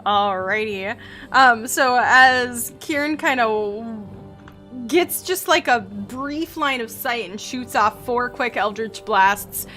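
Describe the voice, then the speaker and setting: A woman running a tabletop game as game master, describing the action vividly between quick rules checks. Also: on the high side, bright, forceful tone, faint music behind.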